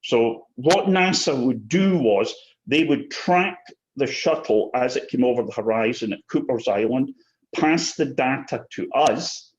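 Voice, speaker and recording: A man in his sixties, a former soldier telling anecdotes as an interview guest, who clears his throat often. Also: medium pitch, animated, measured pace. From Britain. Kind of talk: casual storytelling. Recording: slightly muffled lo-fi audio.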